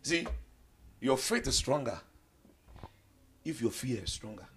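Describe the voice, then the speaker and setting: A man preaching a sermon with passion, swinging between loud declarations and hushed low asides. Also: lively intonation, measured pace, husky.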